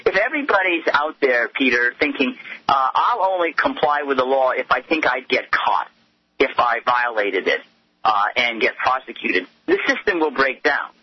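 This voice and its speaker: A man joins a talk radio show by phone, making his case with steady indignation. His voice is husky and dry, with no room sound around it. The dull, muffled line takes the shine off every word. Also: mid-range voice, moderate pace, no room sound. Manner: impassioned, indignant argument. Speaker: guest commentator.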